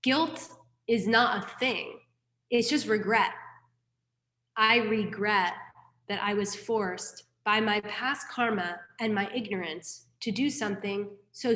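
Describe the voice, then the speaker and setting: Woman, Buddhist teacher, slow deliberate delivery, frank and casual, echoey room. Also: on the high side, fairly bright tone. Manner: frank, candid teaching with mild profanity and self-deprecating asides. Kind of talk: dharma class lecture.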